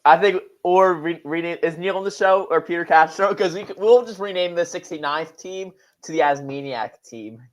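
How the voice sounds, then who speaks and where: A man's voice: a little high, normal speed, hardly any pauses. A man calling in to a sports talk show, talking eagerly and pleadingly with lots of fillers. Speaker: caller. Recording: dull phone-call audio.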